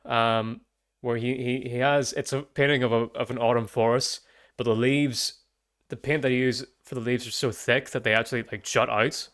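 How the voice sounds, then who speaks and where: Relaxed man reading game lines. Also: medium pitch, normal speed. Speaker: streamer playing a game. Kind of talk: casual let's play, reading game text aloud. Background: game music.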